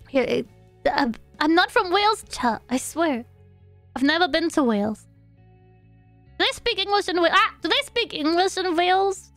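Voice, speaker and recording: Giggly high-voiced woman streamer. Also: lively intonation, moderate pace, a bit bright, no echo, soft background music. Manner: playful and giggly, babbling along to game sounds. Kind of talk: casual live-stream gameplay chat.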